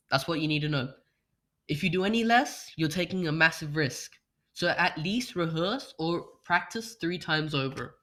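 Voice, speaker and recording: A man's voice: fairly high pitch, moderate pace, bright, forceful tone. A young man presenting a workshop on an online call, explaining speech practice with rhetorical questions and demonstrating voice changes. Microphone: computer mic without webcam.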